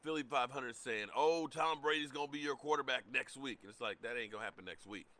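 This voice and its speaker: A middle-aged man hosting a casual live sports talk stream, greeting chat viewers by name in an animated way. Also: medium pitch, fast talker. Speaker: livestream sports show host.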